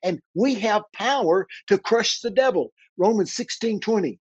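A man preaching on a talk show, fervent and fast, often repeating and stumbling over his words. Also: sits high, expressive, slightly rough, no room sound, lo-fi sound. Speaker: guest preacher.

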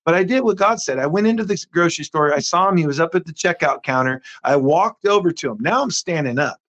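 A middle-aged man with a fairly high voice recounts a personal faith testimony as an interview guest. He speaks earnestly and with animation, often restarting his sentences as he tells the story. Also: lively intonation, fast, a bit bright.

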